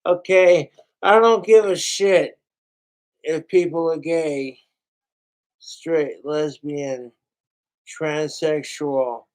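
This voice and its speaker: A man hosting a podcast delivers a slow, drawn-out rant. His voice sits a little high for a man, and he is blunt, emphatic and full of swearing. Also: fairly even intonation. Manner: profane, heated, emphatic. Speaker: podcast host. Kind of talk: casual ranting commentary.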